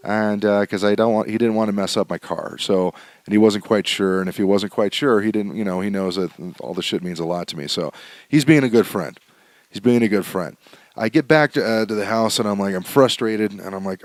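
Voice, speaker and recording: Speaking briskly in a fairly low, steady tone without echo, a man hosts a home podcast whose sound setup is still being adjusted. His monologue is a candid, rambling tale with plenty of fillers and restarts.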